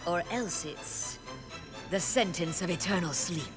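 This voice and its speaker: A woman voicing a cold, commanding evil queen in an animated series, giving stern orders. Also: fairly low pitch, a little slow. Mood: threatening. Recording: anime clip over loud music.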